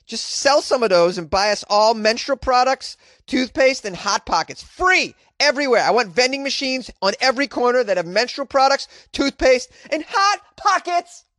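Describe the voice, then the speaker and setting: A man's voice: extremely high pitch, lively intonation, normal speed, few pauses, a bit bright, no room sound, clean studio sound. A man hosting a podcast, reading news stories aloud and riffing on them with sarcastic, rambling asides and casual swearing. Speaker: podcast host.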